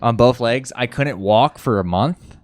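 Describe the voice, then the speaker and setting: A man's voice: mid-range voice, unhurried, dry recording. Rambling young man chatting, dry sound. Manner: rambling, self-mocking storyteller with lots of fillers. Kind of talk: casual chat.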